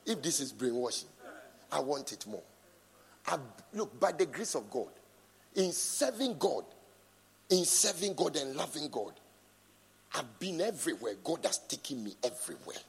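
A middle-aged man preaching a sermon and reading scripture, emphatic, swinging from soft asides to shouts, prompting the congregation to answer. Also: on the high side, sing-song, moderate pace, gravelly, long pauses, husky. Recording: long reverb in a large hall.

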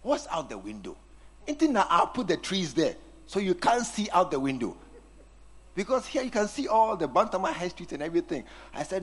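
Man preaching, high voice, lively swooping pitch, teasing the congregation. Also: fairly quick, slightly rough. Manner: animated, teasing, acts out scenes with the congregation. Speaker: pastor. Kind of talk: sermon.

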